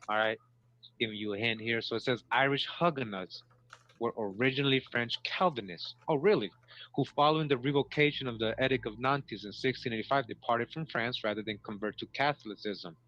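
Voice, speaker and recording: On a dull lo-fi recording, a male host with a mid-range, slightly bright voice reads passages aloud. He interrupts himself with commentary, repeats words often, and keeps checking in with his listeners.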